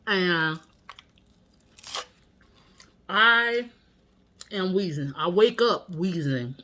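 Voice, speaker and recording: A woman's voice: on the low side, expressive, slow pace, pushed and bright. A woman vlogger telling a story at home, candid and profane in a casual, chatty way.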